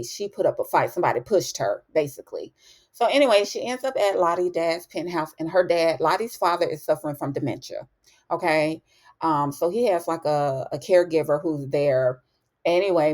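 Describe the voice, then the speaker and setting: A woman's voice: low voice, darkish tone. Sassy chatty woman recapping a show. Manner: chatty and sassy, with frequent asides to the viewer; slips into quick impressions of the characters. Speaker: TV recap host. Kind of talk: casual TV episode recap.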